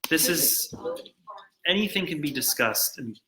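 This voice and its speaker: A man, a guest artist and animator, chatting casually on a live stream, with many halting restarts. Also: fairly high pitch, animated, crowd noise, low-quality recording. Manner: halting, restarts often, easygoing.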